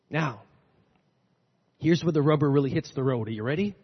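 A man preaching a sermon as a pastor, animated and swinging from loud, emphatic lines to hushed, low ones, recorded in a church sanctuary. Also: a little fast, pauses often, breathy edge. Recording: dull lo-fi recording in a reverberant hall.

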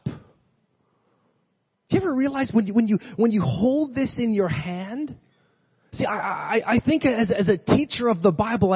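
High, husky-voiced preacher in an echoing hall. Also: male voice. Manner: animated preaching, swinging from loud to hushed. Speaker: pastor. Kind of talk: sermon. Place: church sanctuary. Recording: dull lo-fi recording in a reverberant hall.

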